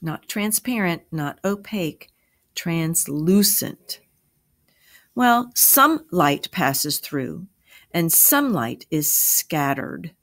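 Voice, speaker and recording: A woman teacher reading a story aloud, then asking and answering review questions in a clear, measured way. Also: on the low side, sing-song.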